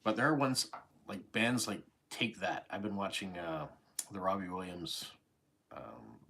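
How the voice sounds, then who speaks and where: A man's voice: low-pitched, expressive, unhurried, creaky, pushed and bright. A Canadian man in his forties with a slight English-tinged accent, hosting a live stream and rambling casually through viewer comments. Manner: rambling and conversational, many fillers and asides. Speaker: channel host answering viewer comments.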